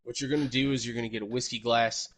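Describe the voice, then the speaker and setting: A man's voice: medium pitch, steady tone, racing, a crowd in the background. Rambling casual male podcast host. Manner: rambling, self-correcting, swears casually.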